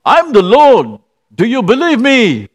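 A man's voice: extremely high pitch, wildly swooping pitch, takes it slowly, voice pushed up, full character voice. A man preacher voicing God in a story, speaking in a firm, strong, declaring voice. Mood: commanding.

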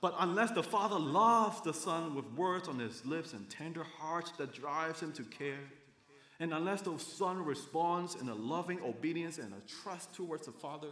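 A man delivers a sermon in an earnest, steady way, leaning into his points as he builds them. His voice sits a touch higher than most men's. The sound carries the ring of an echoey church hall. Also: moderate pace. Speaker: pastor.

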